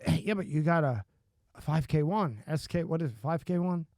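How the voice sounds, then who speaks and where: A man hosting a casual podcast conversation, blunt and profane, quick to laugh. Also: a little high, darkish tone, dry recording, studio quality. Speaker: podcast host.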